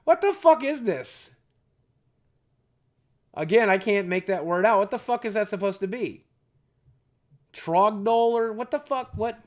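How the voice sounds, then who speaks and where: A man's voice: high-pitched, moderate pace. A man chatting casually and profanely with his stream chat while unboxing, cracking jokes. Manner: crude, profane, jokey.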